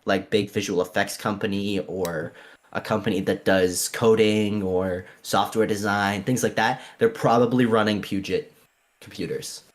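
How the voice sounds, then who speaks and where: A man's voice: fairly low pitch, fairly even intonation, unhurried. A young man chatting casually with a friend, enthusiastically explaining things in detail and laughing easily. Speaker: guest friend. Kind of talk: casual chat.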